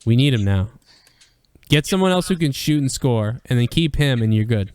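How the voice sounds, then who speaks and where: A man's voice: mid-range voice, animated, moderate pace, a little mellow, no room sound. A man hosting a live stream in casual chat, ranting bluntly and swearing freely. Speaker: stream host.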